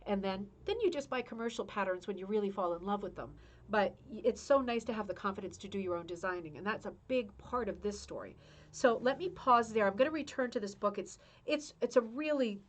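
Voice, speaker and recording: A woman's voice: mid-range voice, lively intonation, a little fast. A woman hosting a casual craft-club video, talking through a book in a chatty, heartfelt way with many restarts. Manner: chatty, emotional, restarts often. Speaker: rug hooking club host.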